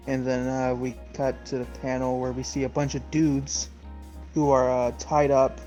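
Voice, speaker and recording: A man co-host recaps a comic chapter in an easygoing, rambling way, packed with fillers. His voice sits at an ordinary, middle pitch for a man. The talk is loose and conversational. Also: moderate pace, soft background music, low-quality recording. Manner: relaxed, rambling with many fillers; laughs often. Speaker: podcast co-host. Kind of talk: casual chat recapping a comic.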